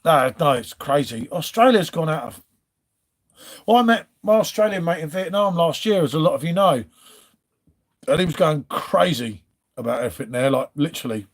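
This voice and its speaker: A man from England hosts a relaxed live stream from home. His voice sits high, and he rambles from topic to topic. He keeps breaking off to greet viewers and answer their comments. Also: moderate pace. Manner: chatty, rambling, reads out chat comments. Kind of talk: casual chat.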